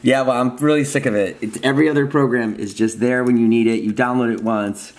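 A man hosting a casual vlog, joking around in a playful, loud, mock-dramatic way. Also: medium pitch, fairly even intonation, fast talker. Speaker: vlogger host.

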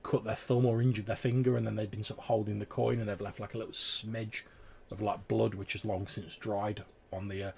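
A man's voice: on the low side, little pitch movement, brisk, creaky, darkish tone, a little hiss or hum. A man narrating a tabletop game as game master, rambling through descriptions full of fillers.

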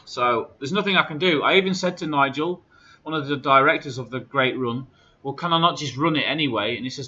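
A man's voice: medium pitch, a little fast, bright, forceful tone, dull audio. A man giving a casual vlog update, aggrieved as he recounts phone calls with indignant quotes. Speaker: charity runner.

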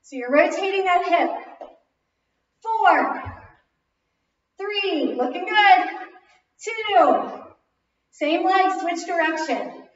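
A woman's voice: extremely high pitch, extremely slow, long pauses. A female fitness instructor leading a kickboxing class, counting reps and calling moves while working out, a little out of breath. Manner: energetic counting and cueing while exercising. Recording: very echoey distant lo-fi recording.

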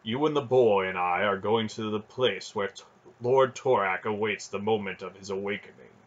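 Storybook villain: a man doing a scarred sorcerer priest, slow and mocking, husky tone, dull lo-fi sound. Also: lowish voice, close to an everyday voice.

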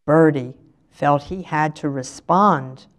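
An older woman reads a novel aloud at a slow, measured pace. Her voice sits fairly low. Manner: measured, unhurried. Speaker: resident reader.

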